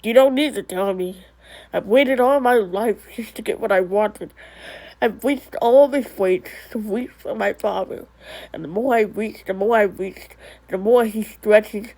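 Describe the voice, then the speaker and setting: A woman voicing a stubborn, brooding young ghost in a one-person amateur drama, speaking low, curt and defiant. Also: dark tone, natural voice, rough recording.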